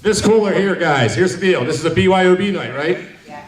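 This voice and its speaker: A man's voice: high-pitched, lively intonation, brisk. A man in his forties doing a stand-up set at a bar, joking and teasing the crowd. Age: 40s. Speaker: stand-up comedian. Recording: echoey hall, mic from far, crowd.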